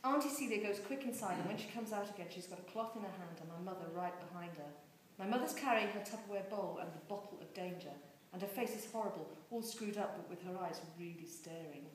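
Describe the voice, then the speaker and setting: A woman reads a story aloud with lively, expressive delivery. Her voice sits at an ordinary pitch for a woman. The room is strongly echoey. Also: fast talker, few pauses, a little hiss or hum. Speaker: reader. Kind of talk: reading a novel aloud.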